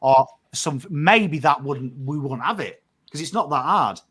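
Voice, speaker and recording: A man's voice: fairly high pitch, lively intonation, a little slow, a bit bright, slightly rough. An emotive Australian man co-hosting a casual podcast, talking emphatically, swearing freely and acting out what he tells his mates. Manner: acts out quotes of mates in conversation. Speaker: podcast co-host.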